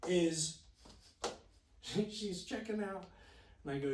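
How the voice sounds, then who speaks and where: A young man co-hosting a podcast, telling stories in a casual, animated way, laughing often and swearing freely. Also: sits high, drawn-out words, roomy sound, far from the mic, slight background noise. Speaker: podcast co-host. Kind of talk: casual storytelling chat.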